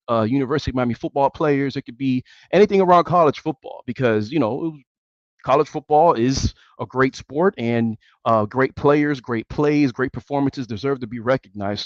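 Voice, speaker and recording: A man's voice: medium pitch, normal speed, dry recording, lo-fi sound. Angry male sports talk host. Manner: angry, emphatic, repetitive. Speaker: sports radio show host. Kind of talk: heated sports talk rant.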